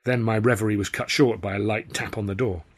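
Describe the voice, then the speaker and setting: A man with an English accent narrating his own novel in the first person, wry and measured. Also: on the low side, steady tone, husky. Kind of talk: scripted storybook narration.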